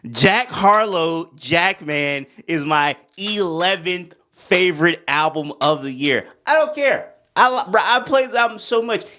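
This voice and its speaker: Excitable, slangy young-sounding man reviewing music. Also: high-pitched, a little slow, few pauses. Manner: excitable, rambling, slangy, full of "bro" and "you feel me". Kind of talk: casual album ranking vlog.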